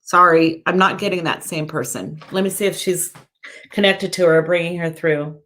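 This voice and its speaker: Giving live-stream readings as a psychic medium, a woman reads viewer comments aloud and talks in a chatty, searching way, often using fillers and correcting herself. She speaks at a normal speed with a fairly low, slightly bright voice.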